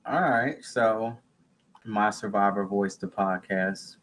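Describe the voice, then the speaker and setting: A man from New Jersey hosting a live podcast, relaxed and conversational. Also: on the low side, takes it slowly, slight background noise. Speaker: podcast host.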